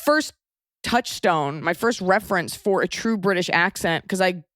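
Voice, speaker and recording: An American woman hosts a casual podcast chat, quick with a joke. Her voice sits on the low side, and the recording is close and dry with no room around it. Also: lively intonation, a bit bright, dry recording. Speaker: podcast host.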